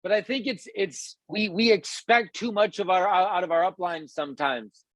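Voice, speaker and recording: At a moderate pace, a man gives his team a relaxed, rambling motivational talk, frequently restarting. He voices quoted people higher and louder, and no room sound comes through.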